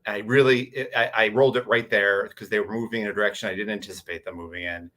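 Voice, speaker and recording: A man's voice: lowish voice, steady tone, fast talker, fairly bright tone. A man on a convention panel, animatedly telling a tabletop game story with many restarts. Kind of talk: casual panel chat.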